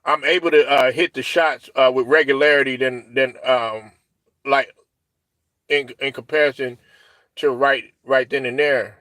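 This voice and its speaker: A medium-pitched man speaks at a measured pace, with no room sound on the recording. He co-hosts a sports talk show, chatting casually and animatedly, swearing, acting out other people's lines, and filling his speech with fillers and restarts.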